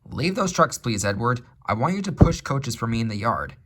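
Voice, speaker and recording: A man's voice: medium pitch, sing-song, moderate pace, a bit bright. A man reading a storybook, voicing a stern, formal male railway boss. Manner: severe, formal.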